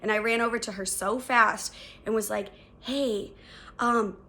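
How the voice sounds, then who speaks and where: A young adult woman hosting a podcast, telling a story in a casual, animated way, with lots of filler words and swearing. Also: fairly high pitch, a little slow. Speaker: podcast host.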